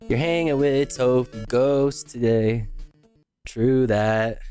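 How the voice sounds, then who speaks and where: A man's voice: mid-range voice, takes it slowly, over music. A man streaming live, chatting casually, thanking viewers and reacting to videos with swearing and laughs.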